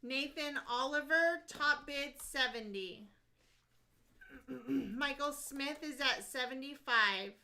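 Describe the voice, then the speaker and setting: Female co-host, high bright voice, reads bids and counts down. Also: slow. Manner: reads bidder names and amounts, counts down. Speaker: co-host calling auction bids. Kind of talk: live auction calling.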